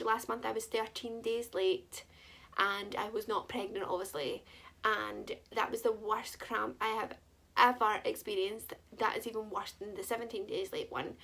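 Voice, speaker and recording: A woman's voice: mid-range voice, creaky, fairly bright tone. A young woman, chatting candidly and rambling in a personal vlog. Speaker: vlogger.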